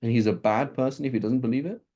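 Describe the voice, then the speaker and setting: Man, mellow warm voice, teaching a class, conversational, lively, frequent restarts. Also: medium pitch, quick pace. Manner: animated, frequent "right?" checks, restarts and asides. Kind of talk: classroom lecture on Islamic texts.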